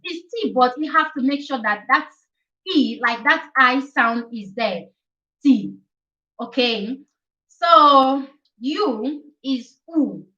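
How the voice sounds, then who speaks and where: Woman, slightly high voice, casual live-stream lesson, repeats each letter, dull distant audio. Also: expressive, slow pace, sharp tone. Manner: chatty, repeats letters, asks "okay?" often. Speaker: Italian teacher.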